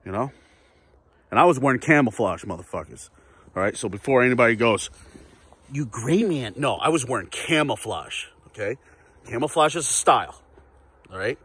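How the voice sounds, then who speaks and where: A man's voice: medium pitch, lively intonation, moderate pace, long pauses, fairly bright tone, breathy edge. A man ranting casually to camera in a vlog, profane, rambling and repetitive. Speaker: vlogger.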